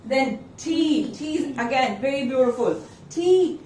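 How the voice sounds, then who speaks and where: A woman's voice: sits high, animated, darkish tone, slight background noise. A woman with an Indian English accent teaching phonics in a classroom, drawing out each letter sound and prompting the class to repeat. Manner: slow, drawn-out sound demonstrations with call-and-response prompts. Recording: echoey classroom, mic far off. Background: children repeating in chorus.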